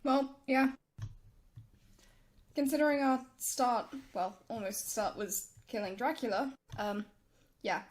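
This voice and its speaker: A woman's voice: on the high side, slow, pauses often. A woman playing a tabletop game, talking in character in a matter-of-fact way. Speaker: player. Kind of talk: in-character tabletop role-play.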